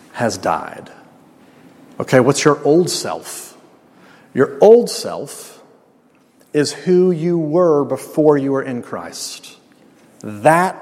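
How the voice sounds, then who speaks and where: A male pastor delivers a sermon in a slightly higher than usual voice, hammering home key phrases through repetition with a touch of humor. His voice rings out with a long reverb tail, as if in a big hall. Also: darkish tone. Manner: emphatic, repeats key phrases, light humor.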